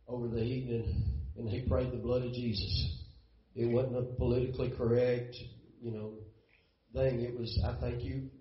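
A middle-aged man preaching a sermon as pastor, folksy and emotional, often repeating words, close to tears. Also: medium pitch. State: tearful. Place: church sanctuary. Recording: roomy, dull church sound.

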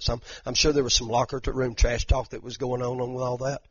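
A man's voice: medium pitch, quick pace, hardly any pauses, slightly rough. A man preaching a sermon, retelling stories dramatically with many repeated words. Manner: animated, dramatic retelling, frequent repeated "and"s, southern "y'all". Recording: dull lo-fi sound.

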